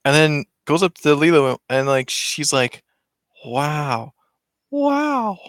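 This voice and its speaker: A man's voice: a little high, fairly even intonation, moderate pace, a bit bright, smooth, no echo, studio quality. A man casually retelling a film's story, rambling with many restarts and self-corrections. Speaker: vlogger.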